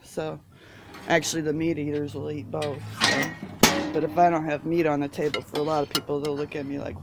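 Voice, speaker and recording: A woman's voice: sits low, fairly even intonation, moderate pace. A woman with a Midwestern accent rambles through a folksy story on her home vlog. She drifts off topic, laughs often and drawls her words. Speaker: vlogger. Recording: distant mic, faint background noise.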